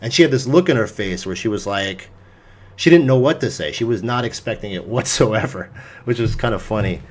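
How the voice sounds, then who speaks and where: A young man, a podcast host, telling a story in casual chat, animated and full of swearing. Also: lowish voice, brisk.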